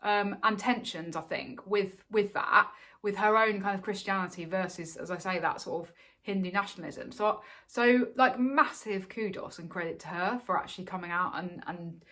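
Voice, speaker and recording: Woman cohost chatting about cricket, lots of ums and restarts, mid pitch. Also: moderate pace, pushed and bright. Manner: chatty, many fillers and restarts. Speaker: podcast co-host. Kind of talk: casual cricket discussion.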